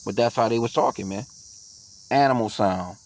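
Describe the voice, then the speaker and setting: A man's voice: on the low side, normal speed, darkish tone. A man teaching from scripture in a casual, slangy way, reading verses aloud and then riffing loosely on them. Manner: profane, with frequent fillers and restarts. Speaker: bible teacher.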